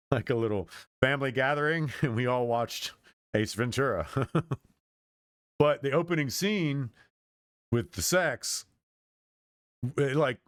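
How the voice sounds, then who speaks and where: A man's voice: mid-range voice, no room sound, clean studio sound. A man streamer in his thirties talking in a meandering, casual monologue, often restarting and trailing off mid-sentence.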